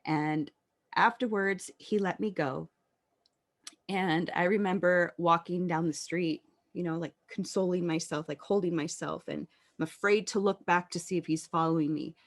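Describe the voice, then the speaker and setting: Her voice is fairly low in pitch with fairly even intonation. As a podcast guest in her thirties, she recounts her own story in an earnest, reflective manner, pausing haltingly as she goes.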